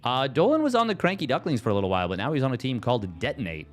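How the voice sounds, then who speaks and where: A man's voice: medium pitch, big pitch swings, rapid-fire, faint music behind. A man doing casual live commentary on a strategy game match, playful and self-mocking, wandering into joking asides. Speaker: esports caster.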